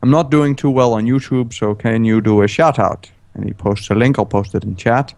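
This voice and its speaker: A man's voice: medium pitch, normal speed, gravelly, a little mellow. A man co-hosting a casual gaming livestream, reading out donations in a hesitant, laughing way.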